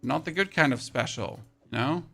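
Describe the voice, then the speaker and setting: Gravelly bright man with German accent. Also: on the high side, moderate pace, faint music behind. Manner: chatty, self-mocking. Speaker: streamer. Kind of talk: casual gameplay commentary.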